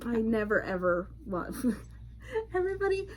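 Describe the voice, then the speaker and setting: A woman co-hosting a casual podcast chat, bubbly and teasing, quick to laugh. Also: on the high side, big pitch swings. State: yawning from medication. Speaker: podcast co-host.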